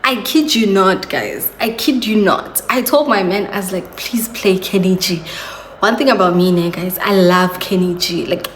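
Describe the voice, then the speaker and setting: A woman's voice: mid-range voice, normal speed, a little hiss or hum. A young woman, telling a story to her viewers in a chatty, confiding way. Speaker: vlogger. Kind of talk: casual storytelling to camera. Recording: echoey room.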